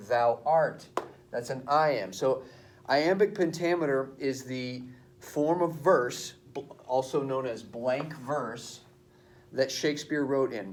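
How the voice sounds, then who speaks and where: A male teacher explaining a poetry assignment to his class at the board in a casual, chatty way. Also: mid-range voice.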